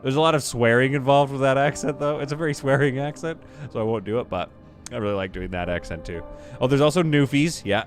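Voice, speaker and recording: A man's voice: medium pitch, fast, faint music behind. A man chatting casually on a live game stream, rambling and self-amused. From Canada. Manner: rambling, self-amused, many fillers and restarts.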